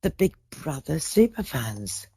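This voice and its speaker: Low, husky, and dark, with a sing-song lilt, this forty-something woman chats as a podcast guest at a measured pace. She wanders between stories, interrupting and restarting herself, and the dry, close recording has no echo.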